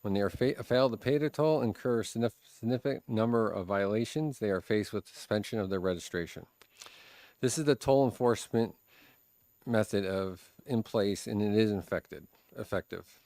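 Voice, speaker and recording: Formal low-voiced official man. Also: moderate pace, darkish tone, no room sound. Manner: reads formally, stumbles over words. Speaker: transportation official testifying. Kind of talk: prepared committee testimony. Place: legislative hearing room.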